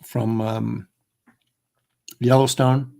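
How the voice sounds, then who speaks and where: A man's voice: medium pitch, little pitch movement, very slow, vocal fry, warm tone. A man co-hosting a casual live chat show, joking and rambling with lots of fillers. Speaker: co-host.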